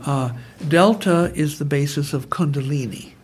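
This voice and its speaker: A man's voice: on the high side, normal speed, breathy edge. A man guest telling stories in conversation, digressive and prone to tangents. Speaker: guest, brainwave trainer. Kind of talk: conversational storytelling.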